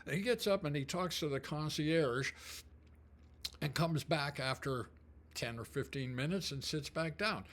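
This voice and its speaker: An older man telling a personal memory in a casual, rambling way, full of fillers and throat clearing. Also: on the high side, measured pace, a bit bright. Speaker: storyteller. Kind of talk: casual storytelling.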